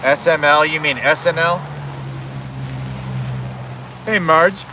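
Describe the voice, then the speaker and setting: A man's voice: a little high, steady tone, a little fast, noisy background. A man chatting casually on a livestream, rambling, correcting himself and swearing, outdoors at home.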